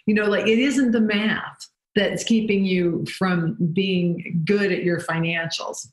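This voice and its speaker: A woman's voice: mid-range voice, fairly even intonation, slow pace. Emphatic woman guest in an echoey room. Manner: emphatic, sarcastic asides. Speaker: guest, business consultant. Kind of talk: conversational interview.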